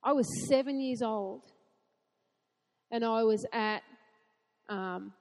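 A woman preaching a sermon in an earnest way, asking rhetorical questions and building to excited emphasis. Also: on the high side, slow, in a large hall.

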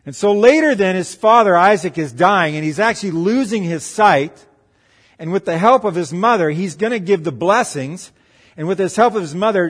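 A man preaching a sermon, retelling a scripture story in an animated way and acting out the voices of its people. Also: fairly high pitch, fairly quick. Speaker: pastor. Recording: long hall reverb.

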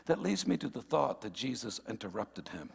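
A man preaching a sermon in church, playful and teasing with the congregation and rising to emphatic shouts. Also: medium pitch, sing-song, moderate pace, creaky, breathy edge. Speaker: pastor.

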